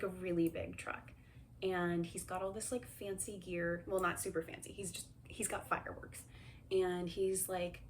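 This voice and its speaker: A woman's voice: mid-range voice, slight background noise. A young woman giving a casual, chatty movie recap, sarcastic and full of fillers. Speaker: movie reviewer.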